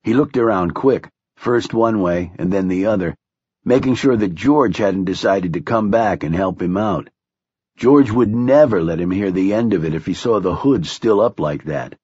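A man narrating an audiobook in measured, even storytelling, close to the mic. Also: lowish voice, husky, no echo, dull audio. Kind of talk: scripted narration.

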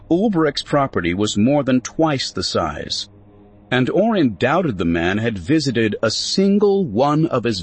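A man narrating a story in an expressive, scripted audiobook reading. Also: medium pitch, breathy edge.

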